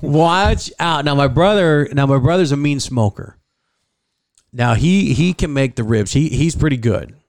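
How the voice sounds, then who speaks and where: A man's voice: mid-range voice, expressive, normal speed, darkish tone, dry recording, clean studio sound. A man from the Midwestern US co-hosting a casual podcast, joking, complaining and often laughing, recorded in a small closet-sized room. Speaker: podcast co-host. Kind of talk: casual banter.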